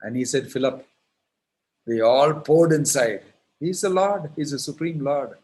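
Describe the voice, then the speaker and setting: A man with an Indian accent, a monk telling a devotional story in a sermon, animated and acting out the characters. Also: a little high, normal speed. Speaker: monk and preacher.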